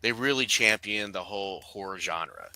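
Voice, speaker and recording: Male co-host, low bright voice, relaxed tipsy rambler, casual chat. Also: normal speed, poor audio.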